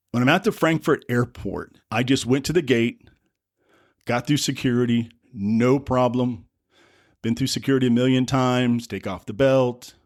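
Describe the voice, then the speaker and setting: A man's voice: mid-range voice, no echo, clean studio sound. Wry American man telling a story. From United States. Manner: rambling, self-correcting, wry asides. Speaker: podcast host. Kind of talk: casual storytelling monologue.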